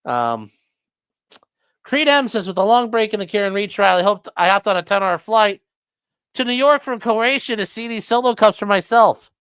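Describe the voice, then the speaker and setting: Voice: mid-range voice, expressive, moderate pace, fairly bright tone, clean tone, no echo, studio quality. A defense attorney hosting a casual livestream, reading viewer chat aloud and answering in a blunt, profane way.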